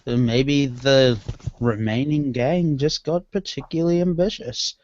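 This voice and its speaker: A man playing his character in a tabletop role-playing game, speaking slowly and mixing in small laughs. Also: mid-range voice, a little mellow. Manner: slow, laughs between lines. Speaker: player. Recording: dry, dull lo-fi recording.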